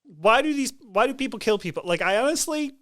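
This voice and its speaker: A man co-hosting a casual podcast, chiming in with short, dry, deadpan remarks. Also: very high-pitched, fast talker. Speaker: podcast co-host.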